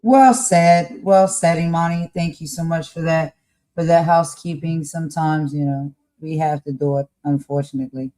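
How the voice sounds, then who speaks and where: Woman host on a livestream, chill mellow voice, shouting out viewers, casual. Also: deep voice. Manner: casual, addresses the audience as y'all. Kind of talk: live-stream chat with viewers.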